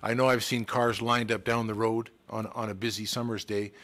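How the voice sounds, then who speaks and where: A man's voice: fairly low pitch, flat delivery, moderate pace, a bit bright. A man, a town staff member presenting at a council meeting, hesitant, with many restarts and fillers. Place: council chamber.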